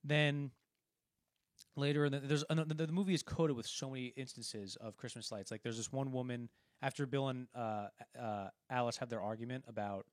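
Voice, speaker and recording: A man's voice: mid-range voice, fairly even intonation, moderate pace, no echo, clean studio sound. A man co-hosting a film podcast, casually retelling movie scenes in a rambling way with many restarts. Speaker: podcast co-host.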